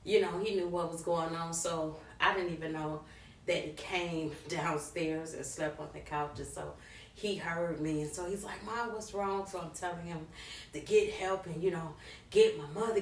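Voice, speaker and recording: A middle-aged woman vlogger, an animated storyteller speaking straight to her viewers. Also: lowish voice, normal speed. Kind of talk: personal story time. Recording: roomy, from a distance.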